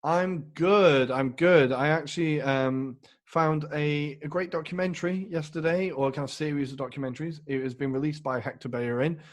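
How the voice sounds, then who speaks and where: A man's voice: a little high, fairly even intonation, moderate pace, few pauses. A man co-hosting a casual football podcast, talking with rambling enthusiasm and some self-mockery. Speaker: podcast co-host.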